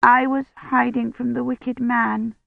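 A woman's voice: on the high side, little pitch movement, takes it slowly, gravelly, no echo, voice pushed up, exaggerated voice. A woman voicing a frightened, tearful little girl with a quavering, childlike voice. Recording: dry, tinny phone-like sound.

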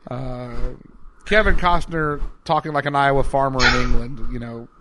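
A man's voice: mid-range voice, moderate pace, very noisy. A man co-hosting a casual podcast chat, chuckling often as he talks. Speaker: podcast co-host.

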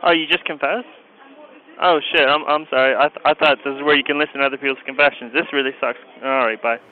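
A man's voice: mid-range voice, steady tone, fast, lightly acted. A man putting on a flustered caller on a tinny phone. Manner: flustered, apologetic. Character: confused adult male hotline caller. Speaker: mock caller. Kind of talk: staged phone call bit.

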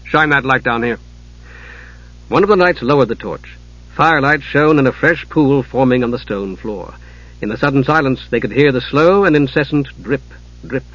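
A man reading an audiobook in a measured, dramatic narration, on a dull lo-fi recording. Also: mid-range voice, lively intonation, a bit bright.

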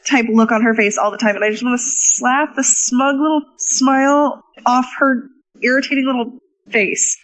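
A woman co-hosting a casual chat, animated, swearing freely and laughing often. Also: on the high side, normal speed, poor audio. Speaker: podcast co-host.

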